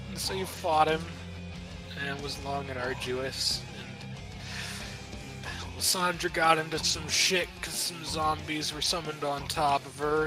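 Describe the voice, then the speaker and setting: A man's voice: a little high, unhurried, over music, poor audio. A young man recapping a tabletop game as dungeon master in a rambling, profane, offhand way.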